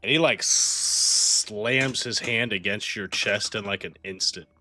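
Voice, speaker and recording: A man's voice: fairly low pitch, takes it slowly, sharp tone, soft background music. A man running a tabletop game as game master, narrating casually with lots of "like".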